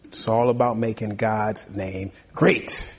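Chatty preacher man with a lively sermon. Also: on the low side, slow. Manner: conversational preaching, laughs often, builds to emphatic bursts. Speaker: pastor.

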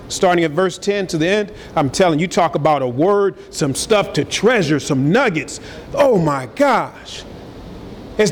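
A man preaching a sermon as pastor, energetic and swinging between loud and soft. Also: sits high, slight background noise. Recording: hall reverb with faint ambience.

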